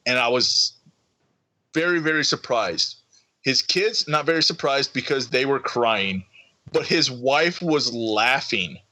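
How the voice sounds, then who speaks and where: A man co-hosting a casual podcast chat, telling an excited story and acting out the voices of people around him. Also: medium pitch, slow pace, dry recording, poor audio. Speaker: podcast co-host.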